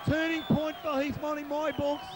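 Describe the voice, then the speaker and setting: Hoarse, excitable Australian man, very high voice. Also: normal speed, crowd noise, background noise. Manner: excitable, shouting out players' nicknames. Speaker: club supporter narrating home video. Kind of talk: excited sideline commentary. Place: outdoors at a football ground.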